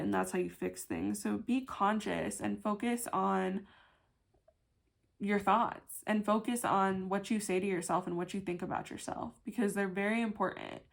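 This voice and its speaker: A woman's voice: mid-range voice, creaky. A young woman giving a casual pick-a-card tarot reading, chatty and emphatic, full of "like" and casual swearing.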